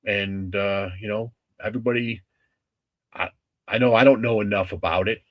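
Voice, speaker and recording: A man hosting a casual livestream with a husky voice, talking in a rambling, halting way with many restarts. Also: fairly low pitch, steady tone, lo-fi sound. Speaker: livestream host.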